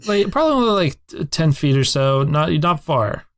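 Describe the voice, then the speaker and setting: A man's voice: fairly high pitch, sing-song, normal speed. A man running a tabletop game as game master, casual and hesitant, laughing often.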